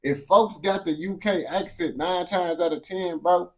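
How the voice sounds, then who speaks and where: A man's voice: high voice, measured pace. A man giving casual reaction commentary, blunt and profane, full of slang and repeated phrases. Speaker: reaction streamer.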